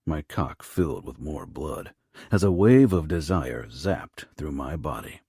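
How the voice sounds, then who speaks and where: A man narrating a first-person romance audiobook in a low, rough, hushed delivery. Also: big pitch swings, a little slow, no echo, studio quality.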